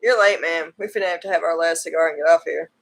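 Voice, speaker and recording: A woman's voice: on the low side, fast talker, gravelly. A woman co-hosting a casual livestream, laughing often and teasing while reading viewer comments. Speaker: livestream co-host.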